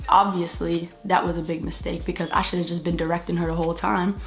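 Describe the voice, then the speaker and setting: A woman's voice: lowish voice, fast, soft background music. A young woman vlogging a casual story time, retelling events expressively and acting out what others said. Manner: expressive storytelling that acts out other people's lines.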